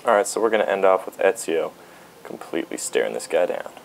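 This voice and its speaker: A man's voice: sits low, animated, fast talker, vocal fry, a little hiss or hum, rough recording. A man giving casual, joking commentary as he plays a video game. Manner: joking, riffs and sings along. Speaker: let's play gamer.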